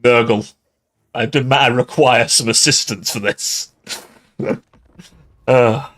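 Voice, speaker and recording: A man's voice: medium pitch, steady tone, takes it slowly, a bit bright. Tipsy, swearing man streaming a game. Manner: swears a lot and laughs often. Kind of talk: casual gaming livestream commentary.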